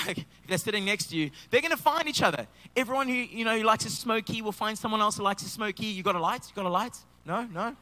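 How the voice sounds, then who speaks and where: High, bright-voiced joking male preacher. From South Africa. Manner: energetic, joking preacher calling out to the congregation. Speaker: pastor. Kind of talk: sermon. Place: church auditorium. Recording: live church hall reverb.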